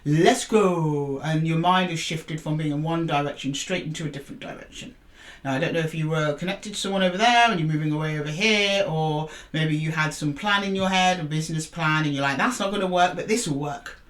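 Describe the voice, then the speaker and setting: A woman's voice: low voice, quick pace, a bit bright. A woman giving a casual tarot reading, chatty and coaxing as she calls for cards and talks to her viewers. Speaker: tarot reader.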